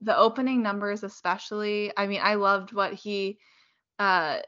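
A woman's voice: mid-range voice, fairly even intonation, normal speed, a bit bright. Emphatic woman, muffled podcast sound. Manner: emphatic, agreeable, thinking aloud. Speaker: podcast co-host. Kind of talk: casual chat. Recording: slightly muffled podcast audio.

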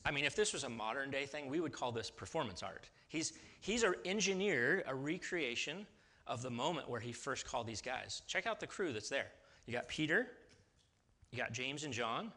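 A male pastor delivers a sermon with a bright, forceful tone. He talks in a loose, conversational way and keeps checking in with his listeners. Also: mid-range voice.

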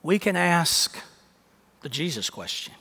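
A man's voice: on the high side, sing-song, slow pace, gravelly, bright, forceful tone. A man preaching a sermon, emphatic, often repeating his phrases for emphasis. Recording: long echo of a large hall.

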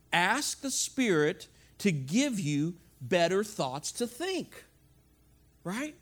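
A middle-aged male pastor giving an animated, conversational sermon full of rhetorical questions. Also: high voice.

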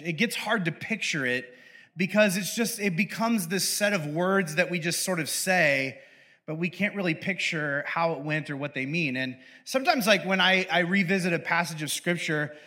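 A man's voice: high-pitched, bright, forceful tone. A young adult man giving a casual, humorous sermon as pastor. He is chatty and playful and often interrupts himself.

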